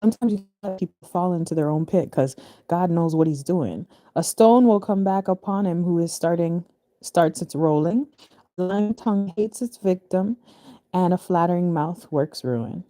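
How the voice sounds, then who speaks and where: A woman's voice: on the low side, normal speed, warm tone, dry recording, clean studio sound. A woman casually reading scripture verses aloud and explaining them in loose, chatty asides, often restarting her phrases and laughing easily. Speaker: spiritual reader.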